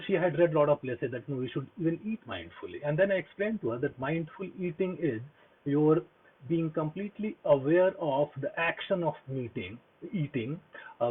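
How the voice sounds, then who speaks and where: A man giving an earnest motivational talk on mindfulness, repeating himself with many fillers and restarts. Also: mid-range voice. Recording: husky voice over a tinny phone-like line.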